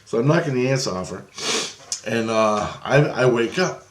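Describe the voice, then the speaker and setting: A man's voice: medium pitch, animated, moderate pace, slight background noise. Rambling man telling a dream. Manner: loose, rambling, lots of fillers and restarts. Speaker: video blogger. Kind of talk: rambling spiritual storytelling.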